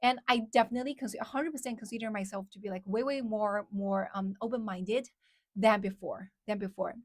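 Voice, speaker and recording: A young Chinese woman, a native Mandarin speaker, chats with her livestream viewers and switches freely between English and Mandarin. She restates phrases twice over as she goes, with an everyday mid-range pitch. Her voice sounds close and dry, with no room echo. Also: fairly even intonation, fairly quick. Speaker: livestream host. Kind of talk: casual livestream chat answering viewers.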